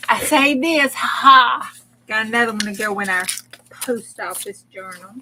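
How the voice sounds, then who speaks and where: A woman's voice: mid-range voice, moderate pace, noisy background. A woman hosting a casual crafting live stream, effusive and chatty, laughing often and close to tears.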